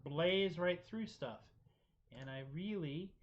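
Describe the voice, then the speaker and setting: A man's voice: high-pitched, slow. A man hosting a live-streamed music show, chatting casually and self-deprecatingly between songs, rambling loosely. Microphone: streaming setup microphone. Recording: dull lo-fi stream audio with loud guitar. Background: acoustic guitar playing.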